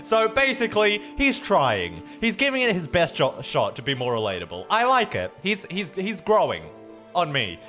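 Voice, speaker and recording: A chatty, joking male streamer at a desk microphone, his voice sitting somewhat high and bouncing around animatedly in pitch. Soft game music plays faintly underneath while he talks with his chat. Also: huge pitch swings, moderate pace. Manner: chatty, joking, reads dialogue aloud. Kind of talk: casual game stream, reading story aloud.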